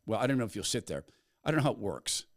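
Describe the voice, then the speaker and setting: Man, podcast host, lively storytelling voice, dramatic pauses, commentary monologue. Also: on the low side.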